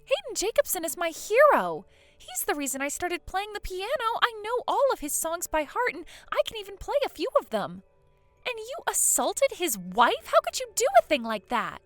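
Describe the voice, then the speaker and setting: Woman playing a squeaky teen girl, super high and bouncy, dry sound, blurts stuff out. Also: wildly swooping pitch, normal speed, a bit bright, no echo, faint music behind, heavily acted. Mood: reproachful. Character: excitable teenage granddaughter, piano fan. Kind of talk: voiced text-story drama.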